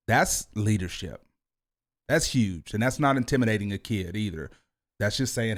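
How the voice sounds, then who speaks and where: A man in his thirties, a youth football coach and podcast host, talking with high energy and an animated, hands-moving delivery. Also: normal speed. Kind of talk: motivational podcast talk. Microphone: video podcast mic.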